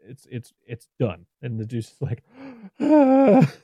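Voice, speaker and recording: A man hosting a casual podcast film review, rambling and animated with lots of restarts. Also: medium pitch, measured pace, slightly rough, no room sound, highs cut off. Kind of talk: casual chat.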